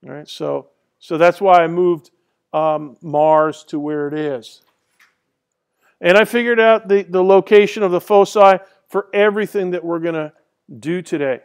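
High-voiced male lecturer. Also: a little slow, clean tone. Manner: rambling and conversational, many fillers and restarts. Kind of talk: classroom lecture. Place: lecture hall.

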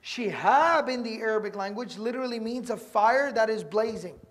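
A man with a strikingly high voice delivers a religious lecture, working through scripture verse by verse. He is earnest and repeats his key points, and he drops in Arabic terms before explaining them. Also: expressive, moderate pace, fairly bright tone. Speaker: Quran teacher.

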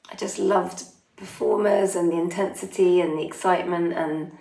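A woman in her forties with a fairly low, creaky, mellow voice reads out fan questions and answers them one by one, at normal speed and in a steady tone. Friendly and a bit self-deprecating, she chats from a holiday home in Italy with family in the next room, and the recording has a roomy echo.

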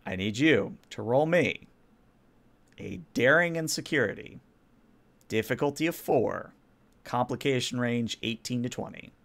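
A man's voice: medium pitch, measured pace, vocal fry, pauses often, a bit bright. A man narrating a tabletop role-playing game as game master, describing scenes and calling for rolls. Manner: descriptive, storyteller.

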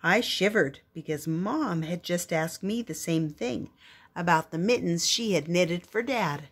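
Grandmother storyteller, husky, expressive read-aloud. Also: on the low side, measured pace. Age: older. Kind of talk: reading a picture book aloud.

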